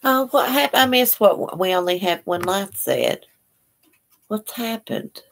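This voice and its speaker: A woman's voice: medium pitch, expressive, unhurried, vocal fry, fairly bright tone. A woman hosting a casual livestream, reading viewer comments aloud and answering with sympathy in a chatty, folksy way. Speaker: livestream host.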